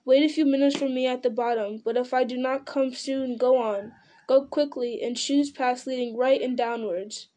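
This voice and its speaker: A woman voicing a commanding old male wizard from a storybook, giving urgent orders in a forceful voice. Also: high voice, fairly even intonation, normal speed, natural voice.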